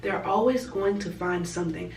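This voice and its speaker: A woman's voice: fairly low pitch, normal speed, gravelly, darkish tone, reverberant, distant mic, slight background noise, low-quality recording. A young woman vlogging in casual, candid chat, speaking plainly and peppering her talk with "like". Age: young adult. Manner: chatty, candid, fillers of "like".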